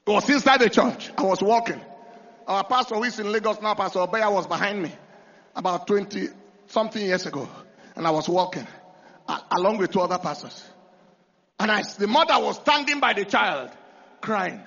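A man preaches a testimony sermon in a high, bright, gravelly voice. He tells the story dramatically, dropping low and then bursting into shouts. The recording is dull and lo-fi. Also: animated, fairly quick.

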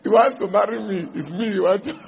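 Preacher, man, high gravelly voice, husky, on a dull lo-fi recording. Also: fast, slight background noise. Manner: preaching, engaging the congregation. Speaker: pastor. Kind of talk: sermon.

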